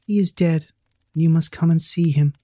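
A serious young girl in a storybook reading, voiced by the narrator. She speaks quietly and gravely, in a mellow, dry voice. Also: mid-range voice, normal speed, dry recording, natural voice.

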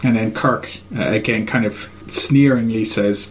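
A man's voice: on the low side, steady tone, measured pace, few pauses. A man in casual chat, retelling a video game's story in a hesitant, rambling way full of ums and uhs.

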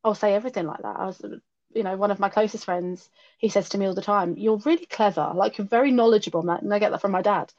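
A woman in her late thirties talks openly as a podcast guest, reflective and frank with a self-mocking streak. Her voice sits at an ordinary middle pitch. The audio is a little dull and lo-fi, as from a remote call. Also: flat delivery, fast. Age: late 30s. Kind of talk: candid personal conversation.

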